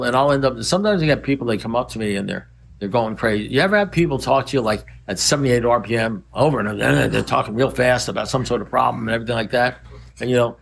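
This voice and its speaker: A man's voice: medium pitch, creaky, slight background noise. An older man speaking at a recovery meeting, telling rambling stories in a wry, blunt manner.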